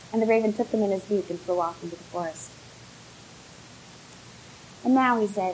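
A woman telling a folk tale with gentle, unhurried narration and small restarts. Her voice sits mid-range over a faint hiss. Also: medium pitch, poor audio. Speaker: storyteller. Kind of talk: live folk tale storytelling, then answering questions.

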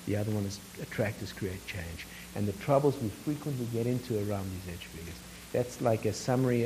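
A man's voice: on the low side, mellow, slight background noise, low-quality recording. A man leading a workshop, telling a story to the group, asking them questions and chuckling often. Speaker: workshop facilitator.

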